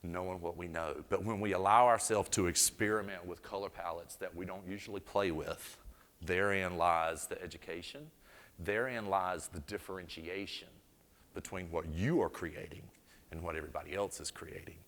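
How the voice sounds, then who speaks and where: A man with a low voice and fairly even intonation speaks at a moderate pace, his tone fairly bright as it carries through a large hall. He's from North Carolina and has a Southern accent, giving a live floral design demonstration to an audience in an event hall. His delivery is chatty and storytelling, full of folksy asides.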